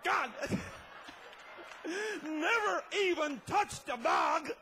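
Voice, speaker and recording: A man telling a tall tale as a comedy monologue, loud and laughing, often breaking into shouts. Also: very high-pitched, animated, extremely slow, a little hiss or hum. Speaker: comic storyteller.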